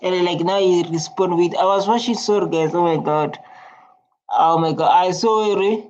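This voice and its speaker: A man with a South African accent giving casual, chatty reaction commentary, repeating himself and filling pauses with "like". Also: high-pitched, steady tone, darkish tone, a little hiss or hum. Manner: chatty, repetitive, filler-heavy. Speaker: YouTube reactor. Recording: lo-fi muffled home recording.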